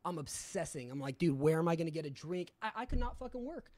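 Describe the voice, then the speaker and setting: A man's voice: a little high, very animated, quick pace, a little mellow, no echo. A young man telling a candid story in casual talk, full of swearing and fillers. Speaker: podcast guest.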